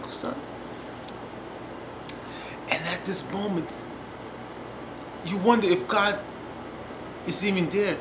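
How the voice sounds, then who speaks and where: A man's voice: high-pitched, slow, long pauses. A man giving a casual review of a TV episode, emphatic and repetitive, often calling out to his viewers. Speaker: TV show reviewer. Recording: echoey room with steady noise.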